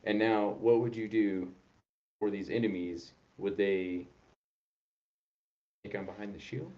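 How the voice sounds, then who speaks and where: A man's voice: fairly low pitch, fairly even intonation, a little slow, lo-fi sound. A man hosting a podcast, chatting playfully and rambling about a tabletop game. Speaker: podcast host. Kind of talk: casual chat about tabletop gaming.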